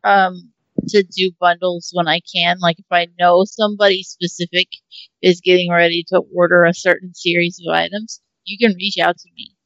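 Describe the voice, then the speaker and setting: Casting: male co-host, gravelly fry, dry close mic, relaxed and self-deprecating. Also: high-pitched, normal speed, dry recording, dull audio. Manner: laid-back, self-deprecating, profane. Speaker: podcast co-host and shop owner. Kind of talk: casual chat.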